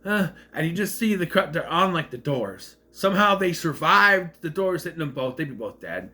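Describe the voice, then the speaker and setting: A man's voice: a little high, very animated, normal speed, pushed and bright. A man casually recapping a movie plot, rambling and correcting himself as he goes. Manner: rambling, self-correcting retelling.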